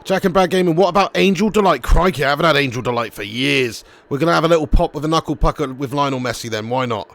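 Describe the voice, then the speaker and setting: A man commentating his football game live and reading out chat messages, excitable and swearing. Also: fairly high pitch, fast talker, few pauses. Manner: excitable, swears, cheeky banter. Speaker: gaming streamer.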